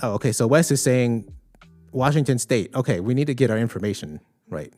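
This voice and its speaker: Soft music plays behind a man running a livestream podcast, where he reads out viewer comments and chats in a relaxed, conversational way, full of fillers as he thinks aloud. He speaks at medium pitch, a little quickly.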